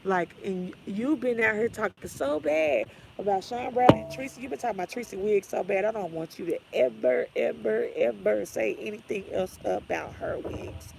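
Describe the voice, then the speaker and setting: Woman vlogger with a heavily gravelly voice delivering a profane, sassy livestream rant. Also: mid-range voice, normal speed, few pauses, background noise. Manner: blunt, sassy, trash-talking. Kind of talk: profane ranting livestream talk.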